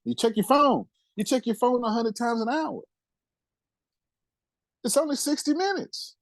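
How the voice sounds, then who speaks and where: A man hosting a lively group talk, emphatic and animated, repeating his points and laughing often. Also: very high-pitched, unhurried, vocal fry, no echo, rough recording. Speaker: host and coach.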